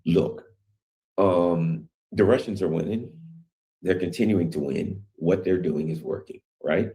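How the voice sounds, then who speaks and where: A man hosts his own news commentary channel, delivering opinionated solo commentary in a rambling, emphatic style and acting out what other people say. His voice is low-pitched, unhurried and warm.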